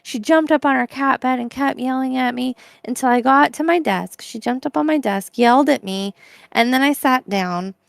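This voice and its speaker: Young woman podcast cohost, giggly animated storyteller, higher voice with some vocal fry, dry close sound. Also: moderate pace, no echo. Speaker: podcast co-host. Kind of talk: casual chat.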